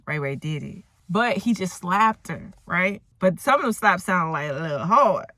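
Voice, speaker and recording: A woman with a bright, forceful voice rambles through a movie recap in a dry, close sound. She tells the plot loosely and breaks off to exclaim and react to what the characters do. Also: lowish voice, moderate pace, dry recording. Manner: animated storyteller who acts out the characters and exclaims at the plot.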